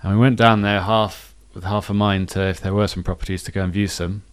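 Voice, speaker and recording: A man with a very low, smooth voice talks fast as a podcast co-host in a relaxed chat. He rambles a bit, restarts sentences, and corrects himself mid-thought while keeping things casual and chatty.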